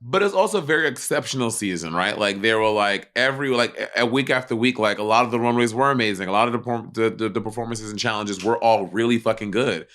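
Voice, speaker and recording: A man's voice: on the low side, fast, hardly any pauses, fairly bright tone. Blunt, sassy man in casual chat. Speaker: podcast co-host.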